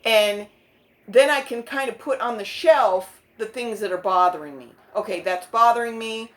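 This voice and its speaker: A woman's voice: mid-range voice, lively intonation, normal speed. A woman in her fifties giving a motivational vlog talk to her viewers, earnest and frank with casual language. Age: 50s. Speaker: vlogger.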